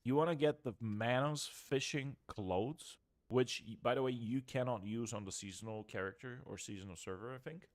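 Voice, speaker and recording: A man's voice: mid-range voice, moderate pace. Casual young man explaining a game. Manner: loose and chatty, trails off and restarts. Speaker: game streamer. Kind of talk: casual gameplay walkthrough.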